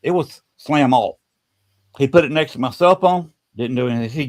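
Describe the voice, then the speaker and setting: A man hosting a podcast, telling a story in a casual, halting way and often repeating words. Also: medium pitch.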